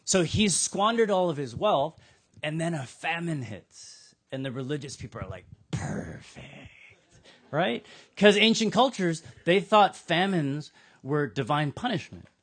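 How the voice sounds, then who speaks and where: A pastor preaching a sermon in a conversational, humorous storytelling manner, speaking to a church in Austin, Texas. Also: male voice, fairly high pitch, expressive, unhurried, fairly bright tone.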